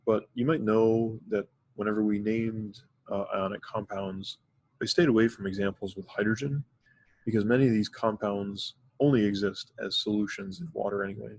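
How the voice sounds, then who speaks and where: Man, chemistry teacher, methodical lecture, dry close sound, low voice. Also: steady tone, moderate pace, a little mellow, no echo. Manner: methodical, explains step by step with fillers. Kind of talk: recorded classroom lecture.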